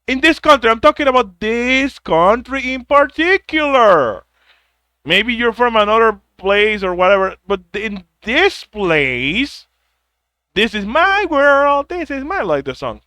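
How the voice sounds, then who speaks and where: A man's voice: very high voice, expressive, unhurried, pushed and bright, clear, resonant tone, no room sound. A man ranting bluntly with a lot of profanity, stumbling over repeated words as he gives harsh life advice. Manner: mocks others in put-on whiny quotes. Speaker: vlogger giving advice. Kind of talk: ranting monologue.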